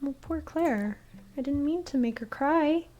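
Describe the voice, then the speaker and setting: A woman's voice: high-pitched, a little slow, lo-fi sound, a little hiss or hum. A woman streamer commenting casually as she plays through a game. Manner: relaxed, wondering aloud.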